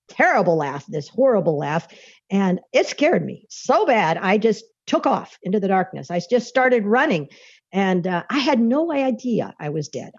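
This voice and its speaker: A woman's voice: medium pitch, gravelly, no echo. A woman guest recounting a personal experience in an interview, a vivid storyteller who laughs often and restarts her sentences. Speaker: author and podcast guest. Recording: dull lo-fi dry recording.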